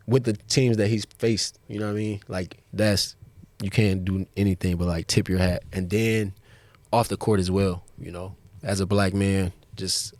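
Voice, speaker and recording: A relaxed man with a fairly low voice talks easily on a podcast, pausing with fillers as he gathers his thoughts. The sound is close and dry, with no room around it. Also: no echo. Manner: laid-back, laughs often, trails off with fillers. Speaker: basketball player guest. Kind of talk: casual podcast chat.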